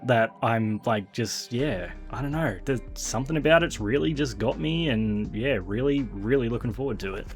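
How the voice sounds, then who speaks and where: A man hosting a casual chat, talking excitedly with many fillers and restarts. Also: medium pitch, normal speed, hardly any pauses, faint music behind. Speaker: podcast host.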